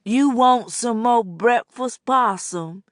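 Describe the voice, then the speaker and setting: A woman's voice: a little high, slow pace, no room sound, studio quality, voice pushed up. A woman voicing a coaxing, falsely kind older man.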